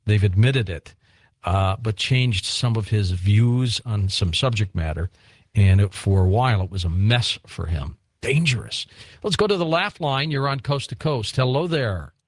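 A man hosting a late-night call-in radio show, talking in a relaxed, conversational way. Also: on the low side, a little slow, dry recording. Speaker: radio talk show host.

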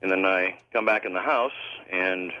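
Male radio caller, very low voice, halting delivery, muffled phone line. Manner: halting, many fillers. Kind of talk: telling a personal story on the phone.

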